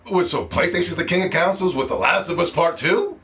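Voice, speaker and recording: A young man hosting a live gaming stream, ranting casually and playfully with lots of swearing and bursts of shouting. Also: high-pitched, a little fast, hardly any pauses. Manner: animated, profane, playful shouting.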